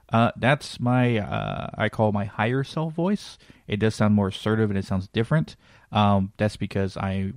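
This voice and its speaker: A man's voice: lowish voice, vocal fry, a little mellow, dry recording, studio quality. A man hosting a paranormal podcast in casual, blunt chat, who swears freely and keeps asking his co-host questions.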